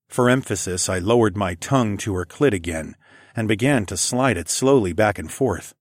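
A man narrating a first-person story in a low, measured, intimate way. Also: animated, no echo, clean studio sound.

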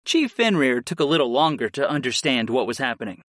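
A man reading a first-person story aloud in an expressive audiobook style. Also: mid-range voice, a little fast, dry recording, clean studio sound. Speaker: narrator.

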